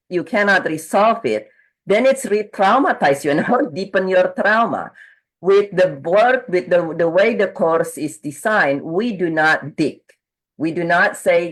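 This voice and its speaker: Woman coach retelling a client story. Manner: rambling with restarts, acts out quotes in higher voice. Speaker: grief coach. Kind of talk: conversational interview.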